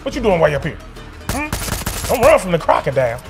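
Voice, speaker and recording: A man giving excited, slangy commentary while he plays a video game and talks back to it. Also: a little high, fairly quick, creaky, music in the background. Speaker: gaming streamer.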